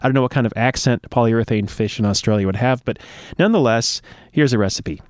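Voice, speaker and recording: A man's voice: medium pitch, fast, a little mellow, no room sound. A man hosting a show, reading a news item aloud and breaking off with playful, self-mocking jokes. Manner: playful, self-mocking, ad-libs between read lines. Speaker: show host. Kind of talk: casual news reading with joking asides.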